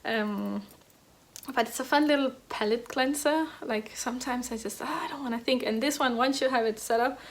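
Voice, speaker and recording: Young woman chatting about knitting at home, rambly, kinda high voice. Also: normal speed. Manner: chatty, rambling, many fillers and restarts. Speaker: knitting podcast host. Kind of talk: casual chat.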